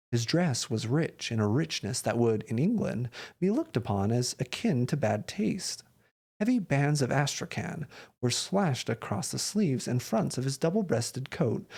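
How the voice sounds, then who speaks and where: A man reading a classic story aloud with expressive narration. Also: mid-range voice.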